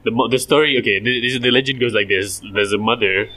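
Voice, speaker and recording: A man's voice: medium pitch, fast, pushed and bright. A man co-hosting a casual podcast chat. He rambles through jokes and tangents, laughing often, in an ordinary mid-range voice. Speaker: podcast co-host.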